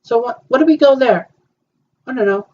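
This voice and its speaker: A woman acting out a trip with several voices. She talks hesitantly, with many fillers and halting restarts. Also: a little high, warm tone. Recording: dull lo-fi sound.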